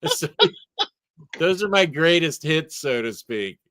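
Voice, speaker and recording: A man's voice: fairly high pitch, animated, slow pace, fairly bright tone, no echo. Chuckling male host, dry close sound. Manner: chuckling, storytelling. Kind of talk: casual chat.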